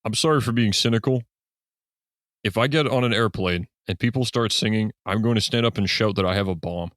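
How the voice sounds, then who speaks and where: A man's voice: lowish voice, fairly quick, a bit bright, no room sound, studio quality. A man co-hosting a comedy podcast, riffing sarcastically in casual chat. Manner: riffing, sarcastic, bits of mock singing. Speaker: podcast co-host.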